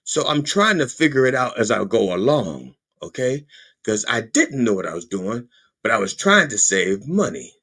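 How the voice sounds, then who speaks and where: Man, husky voice, swooping pitch, comedic political rant, profane, stammers. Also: normal speed. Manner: animated, profane, stammering restarts. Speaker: podcast host.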